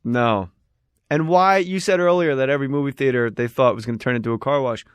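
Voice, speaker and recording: A man's voice: medium pitch, fairly quick, clean tone, dry recording, lo-fi sound. A middle-aged man hosting a comedy podcast, joking around and reading an ad. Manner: animated, jokey, lots of put-on quote voices. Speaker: podcast host. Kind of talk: casual comedic chat and host-read ad.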